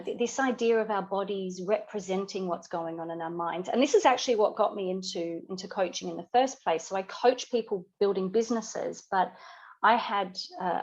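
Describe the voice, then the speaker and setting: A woman's voice: mid-range voice, lo-fi sound. A woman guest who coaches business builders, explaining ideas earnestly in a reflective podcast conversation, with many "you know" asides.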